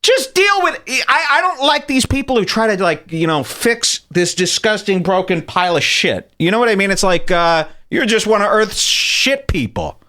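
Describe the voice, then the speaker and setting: A man's voice: sits high, lively intonation, normal speed, few pauses, pushed and bright. A man hosting a podcast, ranting in a crude, mocking, sarcastic way. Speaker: podcast host. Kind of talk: ranting casual talk.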